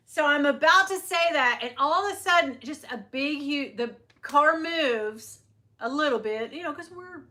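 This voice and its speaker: A middle-aged woman vlogger telling a story in a chatty, animated way while chatting with viewers. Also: high-pitched, a little slow. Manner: animated, chatty, acts out quotes. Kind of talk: casual storytime, live chat.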